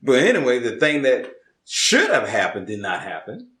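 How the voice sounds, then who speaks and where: A man co-hosting a casual chat, animated and laughing, with emphatic swings in delivery. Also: medium pitch, normal speed. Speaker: co-host. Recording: roomy room echo.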